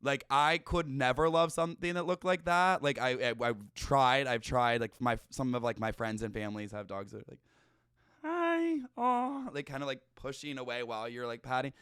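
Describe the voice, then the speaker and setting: A young man talks straight into a close podcast mic in a casual comic monologue, rambling and swearing with "like" in nearly every line. His voice is smooth and clear at a middling pitch. The sound is dry, with no room around it. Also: steady tone, a little fast, few pauses, fairly bright tone, no echo. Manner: rambling, profane, filler-heavy with lots of "like". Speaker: podcast host.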